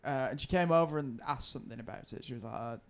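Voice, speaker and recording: A man's voice: medium pitch, quick pace. A young man telling a long anecdote on a podcast, rambling, swearing and laughing. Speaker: podcast co-host. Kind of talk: casual chat, storytelling.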